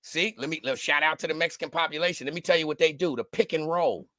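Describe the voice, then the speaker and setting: A man chatting casually, telling animated stories and acting out the people in them. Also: fairly high pitch, quick pace, no room sound, clean studio sound. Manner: animated storyteller, doing voices. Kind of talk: casual chat.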